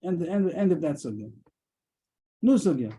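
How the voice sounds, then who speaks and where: A man teaching a daily Talmud class over a video call, explaining quickly and mixing in Aramaic terms. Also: on the high side, big pitch swings, warm tone, husky, low-quality recording.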